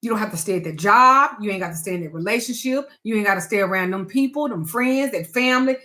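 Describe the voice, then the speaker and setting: A woman's voice: mid-range voice, lively intonation, fast, bright, forceful tone. A woman speaking to her audience as a spiritual advisor and tarot reader, frank and emphatic, with blunt swearing. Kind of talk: candid talk to camera.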